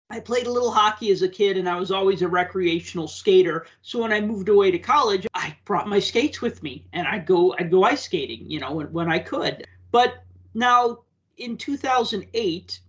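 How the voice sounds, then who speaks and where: A man co-hosting a casual podcast, telling a story with lively asides and acting out the people in it. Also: sits high, normal speed. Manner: animated storyteller, acts out quoted voices. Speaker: podcast co-host and teacher.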